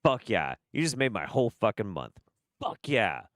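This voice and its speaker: A man's voice: on the low side, very animated, moderate pace, a bit bright, no room sound, studio quality. A man hosting a casual commentary stream, swearing and laughing, with an exasperated delivery. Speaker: streamer host.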